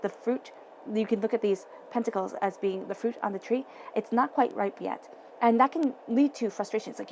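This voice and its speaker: A woman's voice: medium pitch, a little hiss or hum. A woman giving a tarot reading straight to the listener, emphatic and repeating her key phrases. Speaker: tarot reader. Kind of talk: tarot reading addressed to viewers.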